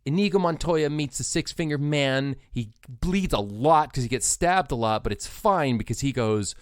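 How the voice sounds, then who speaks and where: A man co-hosting a podcast, retelling a film's plot in a playful, lively casual chat. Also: mid-range voice, no echo, studio quality. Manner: lively, playful, slips into quick character voices. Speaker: podcast co-host.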